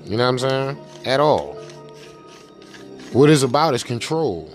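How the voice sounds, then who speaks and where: A man's voice: medium pitch, very animated, a little slow, faint music behind. A man hosting his political commentary show in a casual, profane rant, full of slang and "you know what I'm saying" tags.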